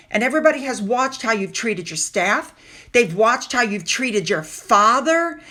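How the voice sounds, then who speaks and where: A woman's voice: high-pitched, a bit bright. A woman hosting a commentary monologue, talking in a sarcastic and indignant way. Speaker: commentary channel host.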